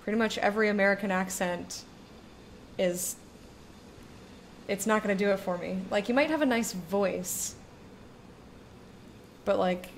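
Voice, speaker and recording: A woman streaming a video game and chatting casually with her viewers, talking in a drawn-out way that lingers on words. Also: medium pitch, a little hiss or hum.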